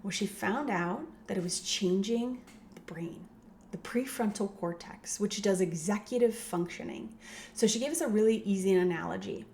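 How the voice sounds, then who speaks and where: A woman's voice: mid-range voice, normal speed, a little mellow, a little hiss or hum. A middle-aged woman chiropractor talking casually to parents, often adding "right?" and acting out quoted voices. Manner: conversational, tag questions, acts out quoted voices. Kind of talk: casual educational talk.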